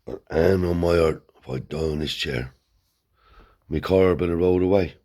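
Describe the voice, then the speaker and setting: A man's voice: sits low, moderate pace. A man telling a story from his own life in a blunt, casual way, swearing freely as he goes. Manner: blunt, swears heavily, animated yarn-spinning. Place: seated indoors.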